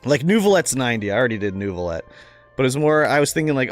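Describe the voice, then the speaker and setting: Canadian man streaming a game, mid-pitched voice, chatty, joking, swears now and then, faint game music behind. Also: expressive, rapid-fire. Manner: chatty, joking, profane asides. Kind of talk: casual game-stream commentary.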